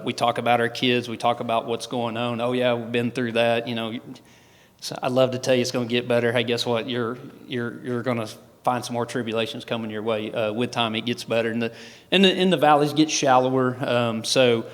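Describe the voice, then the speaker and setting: A man's voice: mid-range voice, a bit bright. Man telling a story in a hall. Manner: folksy storytelling with many restarts. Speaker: guest speaker. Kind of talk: personal testimony talk. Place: large event hall. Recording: long hall reverb.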